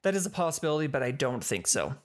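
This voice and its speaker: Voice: mid-range voice, sing-song, fast. A podcast host narrating a case in a casual, chatty way, explaining and correcting themselves as they go.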